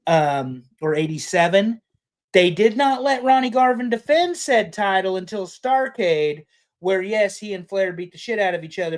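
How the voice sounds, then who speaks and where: A middle-aged man, a podcast co-host, rambling in casual chat with profane rants. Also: fairly high pitch.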